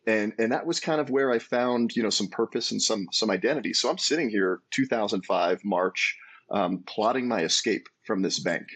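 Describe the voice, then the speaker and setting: A man in his forties telling his own story as a guest in an interview, earnest and animated, with frequent restarts. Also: on the low side, slightly rough. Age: 40s. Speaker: guest, entrepreneur.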